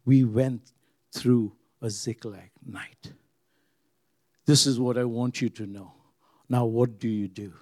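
An earnest man preaching to his congregation in a mellow, dark voice. He swings between loud emphasis and hushed, quiet lines and repeats his phrases for weight. The sound is close and dry. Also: medium pitch, fairly even intonation, takes it slowly, long pauses, no echo. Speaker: pastor. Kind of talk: sermon.

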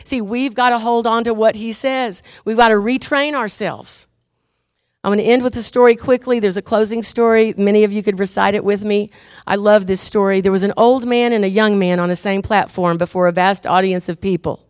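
A woman preaching a sermon and leading a closing prayer, lively and laughing at times, turning earnest and quiet when she tells a story. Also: mid-range voice, brisk, clear, resonant tone, no room sound, clean studio sound.

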